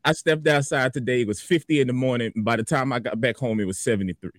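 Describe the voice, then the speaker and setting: A man's voice: medium pitch, fast, no echo, studio quality. A man doing a joking weather report on a comedy morning show, loose and rambling in slangy casual talk.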